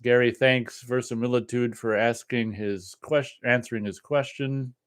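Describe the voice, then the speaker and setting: A man's voice: medium pitch, fairly even intonation, moderate pace, fairly bright tone, dry recording, studio quality. A man co-hosting a casual chat show, reading out listener comments in an easygoing way.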